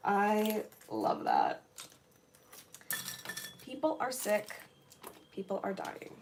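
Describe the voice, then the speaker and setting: A young woman chatting on a casual livestream while sorting jewelry, bubbly and playful, her voice a little hoarse. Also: mid-range voice, wildly swooping pitch, extremely slow, long pauses, darkish tone, slight background noise. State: slightly hoarse.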